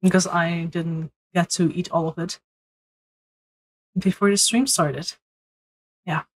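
A young woman live-streaming a game, chatting bubbly and excitedly with her viewers. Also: fairly low pitch, takes it slowly, rough recording. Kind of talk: live-stream gaming chat.

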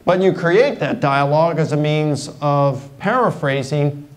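A man's voice: fairly high pitch, measured pace, rough recording. A middle-aged man giving a university guest lecture in a conversational way, explaining points through simple examples. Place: lecture hall.

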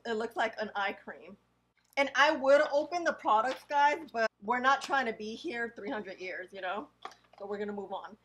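A woman vlogger with a slightly high voice chats her way through a haul. She reads each product name slowly and carefully, then drops into quick, offhand remarks. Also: fairly bright tone, a little hiss or hum, low-quality recording. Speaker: beauty vlogger. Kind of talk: casual haul unboxing.

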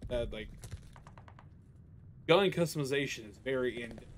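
A man's voice: mid-range voice, moderate pace, a little hiss or hum. A young man live-streaming a game, chatting casually, ranting and swearing constantly, often restarting his sentences. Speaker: gaming streamer.

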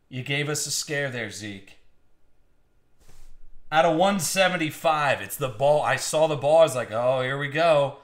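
A man hosting a live card-opening stream, excitable and swinging from hype to hushed suspense. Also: mid-range voice, slow, long pauses, echoey room. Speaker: card break host.

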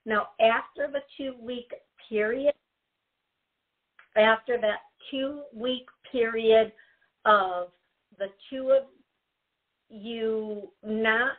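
A woman's voice: fairly high pitch, extremely slow, pauses often. A woman hosting a call-in radio show as a psychic, chatty and given to giggling, repeating her warnings to the caller. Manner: chatty, giggly, gives advice in repetitive warnings. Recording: tinny phone-like audio.

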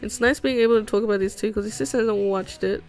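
A woman's voice: medium pitch, fast talker, darkish tone, soft background music. A young woman livestreaming while she draws, chatting casually with her viewers in a bubbly, rambling way with lots of giggles and fillers. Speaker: livestreaming animator. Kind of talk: casual chat reading stream chat while drawing.

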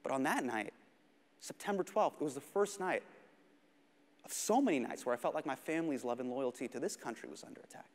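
A man in his thirties doing animated stand-up storytelling on stage. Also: mid-range voice, a little fast, in a large hall. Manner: animated, expressive, shifts between shouting and hushed. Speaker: stand-up comedian.

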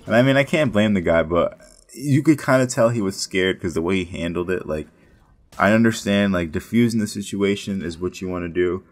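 Deep-voiced man rambling through a story. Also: brisk. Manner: rambling, profane, many restarts. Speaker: storyteller, casino dealer. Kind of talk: casual story time.

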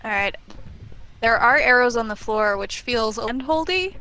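A woman co-hosts a relaxed live game stream, teasing her partner dryly and reading chat messages aloud. Her voice is bright and a little high. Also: unhurried, slight background noise. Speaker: co-host.

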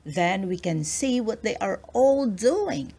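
Kindly storybook witch, reassuring, caring, woman reading the part, slow. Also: mid-range voice, lively intonation, dark tone, breathy edge, heavily acted. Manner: kind, reassuring.

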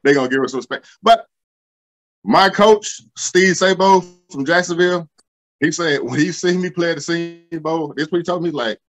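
A man, telling rowdy football stories in slangy, swearing, animated chat. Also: fairly high pitch, moderate pace, soft background music. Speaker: guest, former football linebacker. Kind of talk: casual storytelling.

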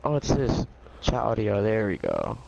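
A man's voice: on the low side, wildly swooping pitch, moderate pace, vocal fry, darkish tone, dull audio. A young man chatting bluntly while gaming, swearing casually. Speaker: gaming friend.

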